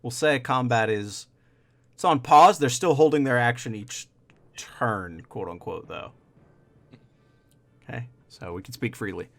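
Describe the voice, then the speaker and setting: A man's voice: mid-range voice, measured pace, creaky, long pauses. A man narrating a tabletop game as game master, in a casual manner with fillers. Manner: casual, describes scenes with fillers.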